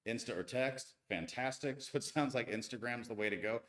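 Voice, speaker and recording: A man's voice: mid-range voice, a little fast, fairly bright tone, roomy sound. A man in his thirties from the United States hosting a casual live stream, chatting loosely and answering viewer comments. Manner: chatty, reads viewer comments aloud, frequent restarts. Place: home with tile floors.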